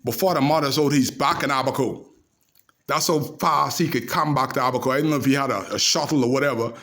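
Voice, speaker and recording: A man telling animated, laugh-filled anecdotes to the camera in a casual way. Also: mid-range voice, fast talker. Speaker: storyteller.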